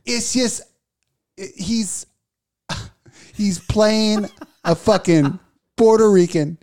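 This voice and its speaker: A man's voice: high-pitched, drawn-out words, warm tone. A man on a casual talk show, ranting profanely and laughing as he argues about movies. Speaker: podcast co-host. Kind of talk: casual comedic rant.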